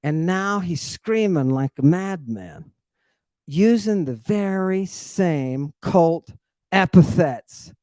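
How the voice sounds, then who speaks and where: A man giving an animated livestream lecture on ancient texts, theatrical and slangy, repeating his exclamations for emphasis. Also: on the high side, no room sound.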